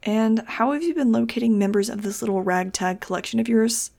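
A bold teenage girl speaks with a husky voice and plenty of snark, as a woman reads her in an audiobook. Her tone stays teasing and confident. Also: a little high, fairly quick, a little mellow, voice pushed up. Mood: snarky.

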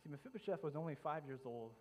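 A man's voice: on the high side, animated, quick pace, darkish tone, rough recording. Impassioned male preacher. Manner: dramatic storytelling with frequent restarts and repetition. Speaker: pastor. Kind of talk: sermon.

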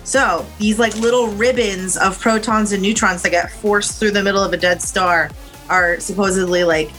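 A woman's voice: medium pitch, fairly even intonation, normal speed, a bit bright, faint music behind, poor audio. A woman co-hosting a casual podcast chat, explaining science topics with lots of fillers and restarts. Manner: rambling, filler-heavy explaining. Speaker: podcast co-host.

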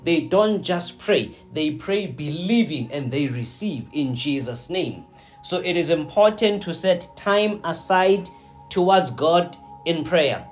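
Slow-preaching man with a raised voice. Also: on the high side, animated, faint music behind. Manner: slow, deliberate, with frequent "right?" checks. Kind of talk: sermon teaching.

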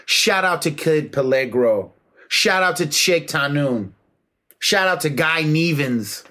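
A man delivering a heated, emphatic monologue with a slightly high voice. He lectures in a preachy, slangy way, pressing his points hard and slipping into mocking asides. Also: expressive, slow, pushed and bright. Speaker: martial arts commentator. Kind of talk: impassioned monologue.

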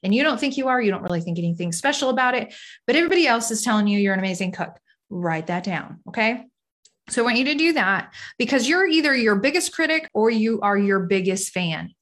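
At home, a middle-aged faith-based self-esteem speaker talks casually to the camera in a slightly high, animated voice at a quick pace. She rambles with lots of "like" fillers and asides, staying candid and self-mocking while gently encouraging her listeners.

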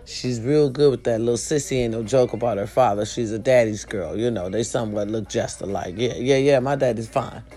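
A woman vlogger delivers a casual motivational talk to the camera in a dark, bass voice, moving briskly with few pauses. She's chatty, earnest and preachy, frequently checking in with "you understand me?"

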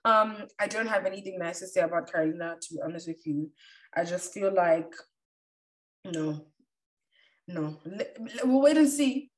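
A woman's voice: mid-range voice, brisk. A woman co-hosting a casual chat, talking loosely with many fillers. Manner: chatty, lots of "like" fillers. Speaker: podcast co-host. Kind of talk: casual chat reviewing a reality show. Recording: echoey room, a bit far from the mic.

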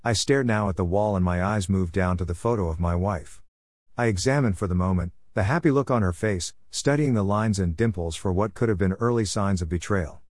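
A man narrating a first-person story in a measured, somber way. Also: deep voice, a little mellow, dry recording, clean studio sound.

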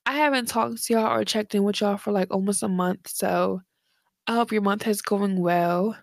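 Young woman, podcast host, gravelly fry, dry close mic, tired and breathless, rambling slangy chat. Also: mid-range voice, normal speed, no room sound. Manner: rambling, slangy, many fillers. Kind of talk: late-night casual chat. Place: her bedroom. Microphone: headphones and desk mic.

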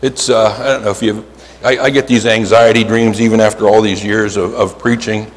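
Male preacher, Pennsylvania accent, animated and emphatic, long reverb of a big hall. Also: fairly low pitch. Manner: animated storytelling, drawn-out emphatic words, frequent "right?". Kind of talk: sermon. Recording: hall reverb, faint ambience.

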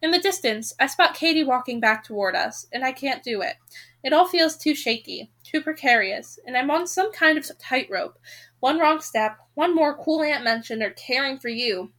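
Woman reading a novel aloud, high and bright, plain casual delivery. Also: animated, normal speed. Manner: breaks off reading to rant, swearing and laughing; quiet, low-key aside after the break. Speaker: audiobook reader. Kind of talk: reading a novel aloud with her own reactions.

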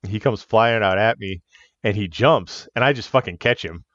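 A man's voice: on the low side, normal speed, a bit bright, no room sound. A man co-hosting a podcast, telling locker-room stories in casual chat, laughing often and swearing freely. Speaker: podcast co-host, wrestler. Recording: dull, muffled audio.

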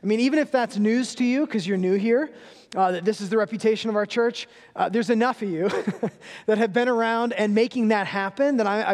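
A man in his thirties preaches as a guest speaker, telling family stories with humor in a relaxed, conversational way. His voice sits high for a man. The church around him rings with a long reverb. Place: church sanctuary.

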